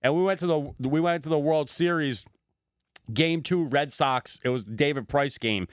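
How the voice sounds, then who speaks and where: A man's voice: a little high, moderate pace, smooth, no echo, studio quality. A man co-hosting a podcast, chatting casually in a rambling, profane, joking way as he tells stories. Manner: rambling, profane, jokey storytelling. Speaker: podcast co-host. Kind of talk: casual chat.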